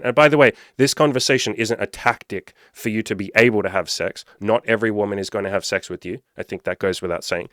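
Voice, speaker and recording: A man speaks in a fairly low voice, delivering dating coaching as a blunt, profanity-laced monologue. He hammers his points with emphatic rhetorical questions. The sound is dry and close, with no room around it. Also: fairly bright tone, dry recording. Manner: blunt, heavy swearing. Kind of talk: casual monologue to camera.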